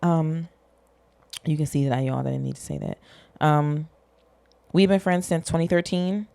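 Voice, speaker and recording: A young woman hosts a podcast in a deep, creaky, mellow voice with a steady tone and normal speed. She rambles frankly and casually, swearing freely and poking fun at herself. The sound is clean with no room echo.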